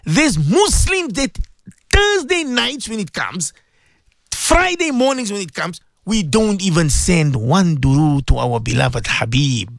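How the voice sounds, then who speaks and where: Man, radio sermon, pleading and emphatic, repeats himself, very lively pitch swings, dry close sound. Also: unhurried, gravelly, no room sound. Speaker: radio religious presenter.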